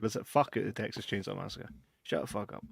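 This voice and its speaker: A man's voice: on the low side, fast talker, gravelly, slightly rough, no room sound, clean studio sound. Sweary Scottish man telling stories. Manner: swearing, laughing storyteller. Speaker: podcast co-host. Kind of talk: casual chat.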